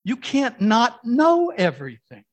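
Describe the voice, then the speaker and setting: A man voicing a smug human ego that lectures God, slow and emphatic. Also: very high voice, wildly swooping pitch, voice pushed up, full character voice.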